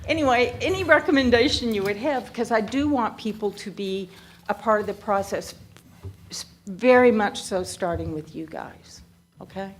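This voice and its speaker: A woman speaks before a county court in a chatty way, breaking off and restarting her sentences. Her pitch is average for a woman. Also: moderate pace, a little hiss or hum. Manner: chatty, self-interrupting. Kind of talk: public meeting remarks. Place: county meeting room.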